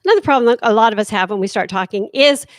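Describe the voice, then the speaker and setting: A woman presenting a workshop on performance tips in an energetic, demonstrative way. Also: medium pitch, very fast, no room sound.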